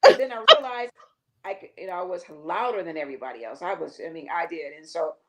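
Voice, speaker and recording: An older woman, a guest singer, telling a lively story on a talk show and acting out the quotes with laughter. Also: on the low side, fast talker.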